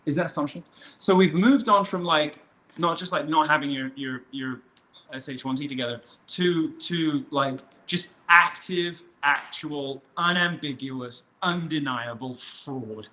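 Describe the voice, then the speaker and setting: Here the guest speaks at a measured pace in a fairly high, sharp-toned voice. In this laid-back interview he wanders from point to point, restarting frequently and filling gaps with fillers, all in a teasing, provocative manner.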